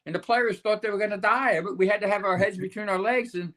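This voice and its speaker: An older sportswriter appears as a podcast guest, spinning long anecdotes in a rambling way with frequent restarts and chuckles. His voice is high-pitched and a bit bright, and he talks quickly.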